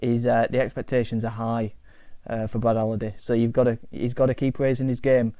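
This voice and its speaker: A man's voice: medium pitch, little pitch movement, fairly quick, mellow, smooth, no echo. A man from the north of England hosting a casual football reaction vlog, rambling and repeating words as he talks. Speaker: football fan channel host.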